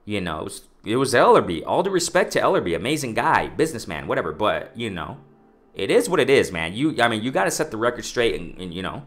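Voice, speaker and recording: Excited man doing boxing commentary. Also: on the low side, quick pace. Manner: excited, repetitive, addresses "ladies and gentlemen", many restarts. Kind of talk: casual commentary monologue.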